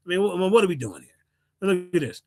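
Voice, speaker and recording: A man's voice: high-pitched, sing-song, brisk, darkish tone. A man hosting a livestream, brash and profane, mocking rivals and reading out sources. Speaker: livestream host. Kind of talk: heated livestream rant.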